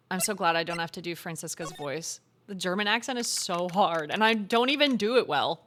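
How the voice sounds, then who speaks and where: Giggly, animated young woman streamer. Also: medium pitch, normal speed, a little hiss or hum. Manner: giggly, swears casually. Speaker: gaming streamer. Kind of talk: casual let's-play chat. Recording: game music playing behind.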